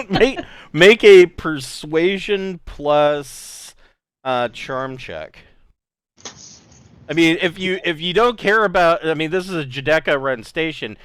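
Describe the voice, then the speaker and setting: A man narrating as game master of a tabletop game, often pausing to search for words. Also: fairly high pitch, lively intonation, fairly bright tone, smooth, dry recording.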